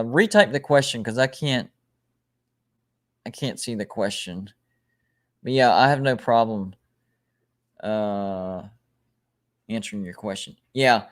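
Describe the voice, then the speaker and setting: Rambling man hosting a sports livestream. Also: mid-range voice. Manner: rambling, self-correcting, reads out ranked lists. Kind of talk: casual live-stream chat, reading viewer comments.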